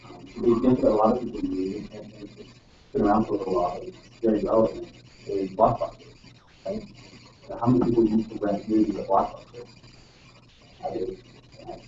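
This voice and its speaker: At a user group meeting, a man presents technical material to a live audience in a fairly low, warm, animated voice, fairly quick and pausing often. He talks casually with many ums and frequent tag questions, recorded in a meeting room with roomy, distant, dull sound and faint noise.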